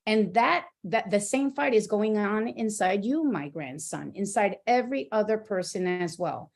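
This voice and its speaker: An earnest woman on a panel gives advice in a heartfelt way. She leans on repeated words to drive her point home, and her voice sits at an ordinary middle pitch. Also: expressive, moderate pace, creaky, few pauses, a little mellow. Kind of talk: motivational talk with a told story.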